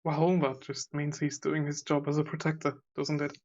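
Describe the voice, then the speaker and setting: A man playing in a tabletop role-playing game, answering in a calm, matter-of-fact way. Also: a little high, normal speed, lo-fi sound. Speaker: player. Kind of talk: tabletop role-play, in and out of character.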